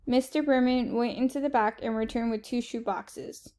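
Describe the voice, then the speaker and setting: A woman reading a children's chapter book aloud in steady first-person narration. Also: fairly high pitch, normal speed. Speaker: reader.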